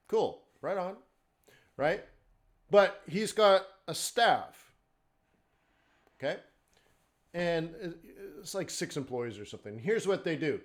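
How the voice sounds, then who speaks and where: In a live forex trading webinar, a man with a fairly high voice talks slowly but animatedly, leaving long pauses. His style is conversational, sprinkled with rhetorical questions and repeated "okay?" and "right?" check-ins.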